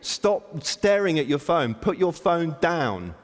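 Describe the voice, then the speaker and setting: A man's voice: fairly high pitch, very animated, takes it slowly. A middle-aged man giving a blunt, provocative and self-mocking opening keynote to a conference audience. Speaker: conference speaker. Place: large conference hall. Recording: long hall reverb.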